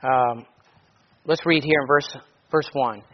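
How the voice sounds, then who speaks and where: A man's voice: medium pitch, takes it slowly, a little hiss or hum. A male pastor giving a sermon, reading scripture aloud with strong emphasis and breaking off into plain conversational asides. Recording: echoey hall, dull lo-fi sound.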